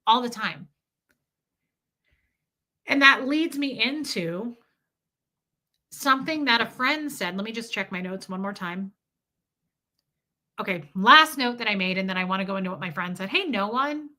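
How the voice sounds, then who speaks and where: A woman's voice: on the high side, animated, measured pace, long pauses, sharp tone. A woman hosting a livestream, telling a personal story with emphasis and greeting her chat along the way. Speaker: livestream host.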